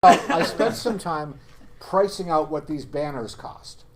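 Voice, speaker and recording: A man at a town board meeting, laying out figures in a halting, thinking-aloud way. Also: a little high, crowd noise. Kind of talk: municipal board meeting discussion.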